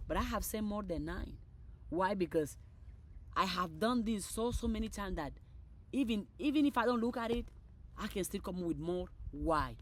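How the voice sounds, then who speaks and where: A woman reciting upbeat affirmations in an exuberant, repetitive manner, with loud bursts. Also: mid-range voice, expressive, normal speed. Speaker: motivational creator. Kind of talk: spoken affirmations.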